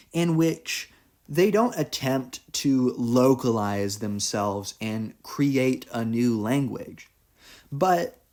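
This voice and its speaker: A man giving a solo philosophy lecture, explaining ideas in a loose, conversational way and reading quoted passages aloud. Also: medium pitch.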